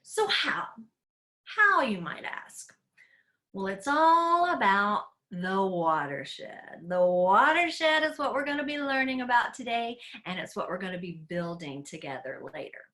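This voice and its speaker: A woman's voice: medium pitch, big pitch swings, a little slow, pushed and bright. A woman from Tennessee hosting a live online class for children as an aquarium educator. She is playful and enthusiastic and talks straight to the kids over a computer mic.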